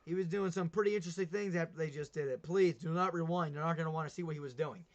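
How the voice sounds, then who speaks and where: A man's voice: a little high, very fast. Chatty young man on a dull stream mic. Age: young adult. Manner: chatty, rambling, laughs at himself. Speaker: livestream host. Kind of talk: casual sports talk livestream.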